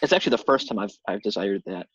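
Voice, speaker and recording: Fast-talking raspy man on a lo-fi mic. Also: lowish voice, lively intonation, dry recording. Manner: filler-heavy, dry humor. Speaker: podcast co-host. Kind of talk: casual podcast chat.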